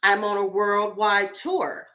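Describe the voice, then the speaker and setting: A woman's voice: medium pitch, fairly even intonation, takes it slowly, bright, forceful tone. A woman doing an anxious, self-important pop star. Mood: pleading. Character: male pop star pleading with police.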